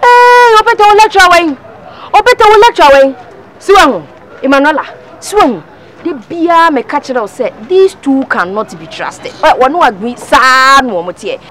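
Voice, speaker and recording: Comedy TV: a taunting Ghanaian woman, bouncy high voice. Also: very animated, normal speed, slight background noise, low-quality recording. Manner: taunting, calling out loudly.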